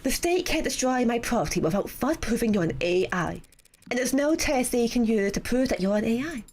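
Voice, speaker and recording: A woman voicing a sharp-tongued female defense lawyer, explaining in a brisk, blunt way. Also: fairly high pitch, expressive.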